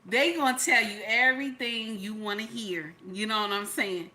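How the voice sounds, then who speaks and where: A woman giving casual reaction commentary on a vlog, animated and exclamatory, full of chatty asides. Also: fairly high pitch, normal speed. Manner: animated, exclamatory, mimics others' voices. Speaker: YouTube commentator.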